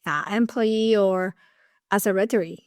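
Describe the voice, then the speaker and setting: A woman with a Cuban accent chats on a podcast as co-host, lively and quick to laugh. Her voice sits at a middle pitch, recorded close and dry with no room sound. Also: clean tone, no room sound. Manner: animated, laughs often. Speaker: co-host, ballet teacher. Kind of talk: casual podcast chat.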